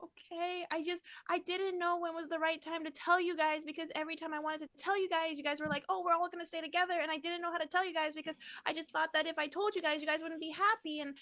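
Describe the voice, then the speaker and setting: A woman playing a tabletop game in character, rushing through long emotional rambles. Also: extremely high pitch, steady tone, a bit bright, no room sound. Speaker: player.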